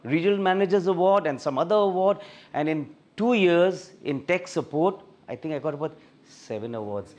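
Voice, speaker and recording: Indian man telling his testimony, slightly high. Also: normal speed, dull audio. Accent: Indian English. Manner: storytelling, animated when reliving scenes. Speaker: guest speaker sharing a testimony. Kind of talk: personal testimony talk.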